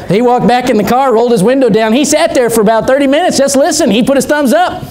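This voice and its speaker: Man, high-pitched, fiery preacher, church sermon, storytelling, shouted peaks. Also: animated, fast, few pauses, a little hiss or hum. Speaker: pastor. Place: church sanctuary.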